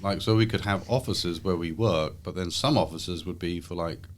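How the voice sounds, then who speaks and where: A middle-aged man and university professor, gently prompting questions and repeating answers back in a casual studio interview. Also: low-pitched, moderate pace, slight background noise. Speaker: host interviewing his young daughter.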